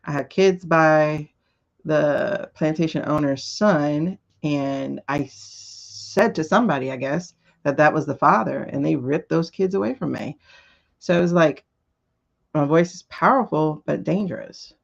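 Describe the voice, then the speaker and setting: A woman's voice: low-pitched, a little slow, vocal fry, lo-fi sound. A middle-aged woman hosting a tarot livestream, talking in a rambling, chatty way and answering viewer comments. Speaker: tarot reader and livestream host. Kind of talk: casual livestream chat.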